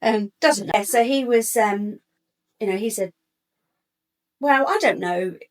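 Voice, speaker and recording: A woman's voice: on the high side, takes it slowly. A woman, a guest telling her own life story candidly and acting out what others said. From England. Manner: animated, acts out other people's lines.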